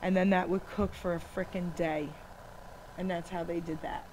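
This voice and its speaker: Woman radio host, teasing and animated, laughs a lot, live studio with faint background hiss. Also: on the low side, moderate pace, rough recording. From Italian-American family. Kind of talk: casual chat.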